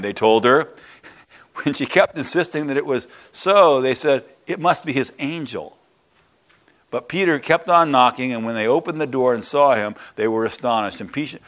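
An older man preaching a sermon, retelling a Bible story and a personal anecdote, acting out the quoted voices with chuckles. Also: medium pitch. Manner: lively, acts out the scenes with quoted voices and chuckles. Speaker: pastor.

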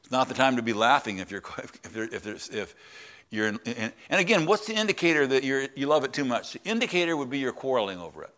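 Delivering a sermon in a conversational manner, a male pastor speaks at medium pitch with a sing-song lilt. His delivery has halting restarts and occasional drops into hushed, prayerful tones.

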